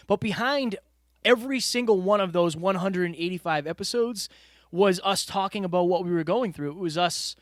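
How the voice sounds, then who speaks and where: A man's voice: sits high, animated, moderate pace, no room sound, clean studio sound. A man co-hosting a podcast, talking through his year in an earnest, reflective way and speaking straight to the listeners. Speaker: podcast co-host. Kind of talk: casual podcast chat. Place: studio room with a whiteboard.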